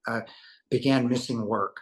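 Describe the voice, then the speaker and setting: A man at an average pitch shares a personal story as an interview guest. He speaks casually and earnestly. He brings remembered conversations to life with animated delivery. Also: normal speed. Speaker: interview guest recounting a near-death experience.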